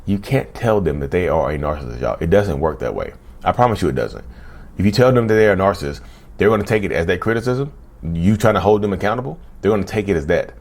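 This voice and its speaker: A man who runs his own channel chats casually to camera, repeating himself and saying "y'all" a lot. His voice is low and darkish, with lively intonation, and he talks fast.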